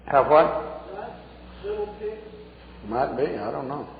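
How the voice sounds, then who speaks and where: A man's voice: mid-range voice, slow pace, gravelly, a little hiss or hum. A man preaching, a folksy, chuckling storyteller. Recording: phone-like echoey hall recording.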